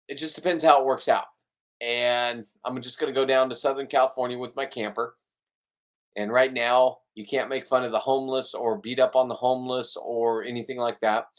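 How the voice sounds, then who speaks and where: A man's voice: mid-range voice, fairly bright tone. A man hosting his own vlog, talking casually to viewers in a rambling, joking, boastful way. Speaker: vlog host.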